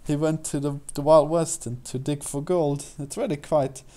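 A man co-hosting a let's play, chatting casually with a dry, deadpan sense of humor. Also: on the high side, moderate pace. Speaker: co-host. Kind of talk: casual chat over gameplay.

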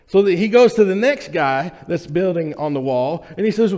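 Fairly high-voiced pastor preaching. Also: male voice, expressive, moderate pace, darkish tone. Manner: conversational, joking, checks in with the room. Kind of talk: sermon. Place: church sanctuary. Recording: reverberant church hall.

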